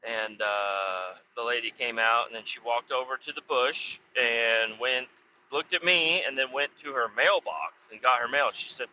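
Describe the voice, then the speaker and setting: A man's voice: medium pitch, lively intonation, moderate pace, sharp tone, a little hiss or hum. A man hosting a podcast, telling a meandering story in a casual way, swearing often and correcting himself as he goes. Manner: profane, meandering, self-correcting. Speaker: podcast host. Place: outdoors beside a road. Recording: slightly muffled, dull recording.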